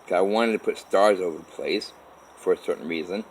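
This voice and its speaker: A man tells his own story in a low voice, wandering and swearing as he goes. He often stops and restarts his sentences mid-thought. A faint background hum sits under the recording. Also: a little fast, low-quality recording. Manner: rambling, profane, with many restarts. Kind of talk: personal story told to camera.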